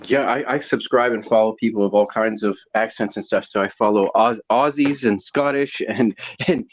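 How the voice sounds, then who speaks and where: A man's voice: mid-range voice, darkish tone, muffled recording. A man with a slight Southern US twang hosting a casual live panel chat, rambling with frequent restarts. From American South. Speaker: livestream panel host.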